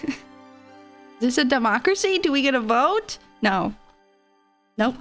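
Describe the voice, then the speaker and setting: A woman streamer chatting playfully with her viewers, giggly and teasing. Her voice is high and her delivery is unhurried, with faint music playing behind her. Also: lively intonation, a bit bright. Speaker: livestreamer. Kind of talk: casual chat with viewers.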